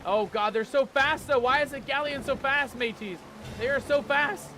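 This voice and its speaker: A man streaming a pirate game, commenting live in an excitable, panicky way and peppering his talk with pirate slang. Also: very high voice, normal speed, over music. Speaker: gaming streamer. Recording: game sounds and ocean noise behind. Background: ship and water game audio.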